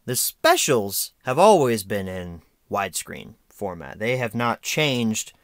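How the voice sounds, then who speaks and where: A man's voice: fairly low pitch, big pitch swings, slow pace, no room sound, studio quality. A young American man giving an unscripted, rambling video review with sarcastic, self-mocking asides. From United States.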